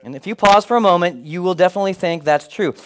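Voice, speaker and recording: A man's voice: sits high, quick pace, clear, resonant tone, rough recording. A middle-aged male pastor preaching a sermon, telling stories with humor and putting on voices. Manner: animated, humorous storytelling with put-on voices.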